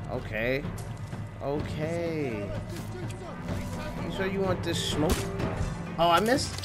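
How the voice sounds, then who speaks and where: Reactive male gamer with lively pitch. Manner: reactive, exclaiming and trash-talking at the screen. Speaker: gaming channel host. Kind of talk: let's play commentary. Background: game music.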